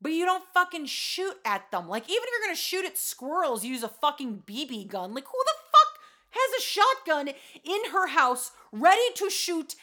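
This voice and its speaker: A woman co-hosting a podcast in casual chat, animated and swearing freely as she rants. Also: sits high, normal speed. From rural farm community. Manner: animated, swears a lot, ranting. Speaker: podcast co-host.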